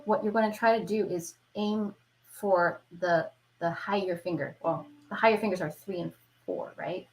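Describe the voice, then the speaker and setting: A woman's voice: on the low side, steady tone, moderate pace, slight background noise, low-quality recording. A woman teaching an online violin lesson, who explains patiently and keeps checking in with her viewers. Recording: violin playing between phrases.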